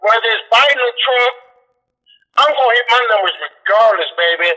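A man's voice: extremely high pitch, lively intonation, moderate pace, bright, forceful tone, poor audio. A man in a casual, profane political chat, talking bluntly and swearing constantly as he rants.

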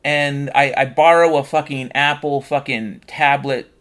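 A man telling a rambling comic story, swearing constantly and tossing in deadpan asides. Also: mid-range voice, a little slow. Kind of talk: comedic rambling monologue.

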